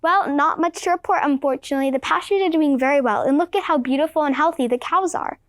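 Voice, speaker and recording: A woman playing the sneaky king of the gods in a student class play, smooth-talking but flustered and full of excuses. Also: sits high, fast, dry recording, studio quality, natural voice.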